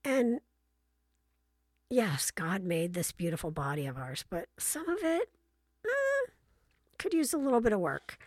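A woman's voice: mid-range voice, wildly swooping pitch, unhurried, pauses often, no echo. A middle-aged woman hosting, telling stories in a frank, chatty and playfully blunt way, acting out other people's voices in her anecdotes. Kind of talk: casual storytelling monologue.

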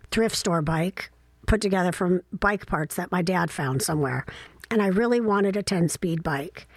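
A middle-aged woman from Ohio talks through memories as a mother, her tone candid and wryly reflective, with a few ums and likes along the way. Her voice sits at an ordinary middle pitch. The recording is dry and close, with no room sound. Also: no echo. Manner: candid, reflective, wry, with frequent fillers. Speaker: mother telling personal stories. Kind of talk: casual personal storytelling.

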